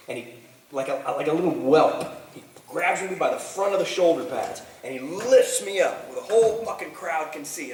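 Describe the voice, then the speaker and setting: Profane man telling stories. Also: a little high. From Texas. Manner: animated, profane, stammering restarts. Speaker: convention panel guest. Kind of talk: profane anecdotal storytelling. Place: large convention hall. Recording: roomy hall, voice from far off.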